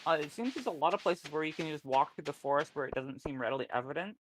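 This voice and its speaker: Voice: mid-range voice, animated, fast. A guest on a stream who chats playfully about a game and loves telling terrible puns. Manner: playful, fond of bad puns. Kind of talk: casual gameplay chat. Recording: noisy stream audio.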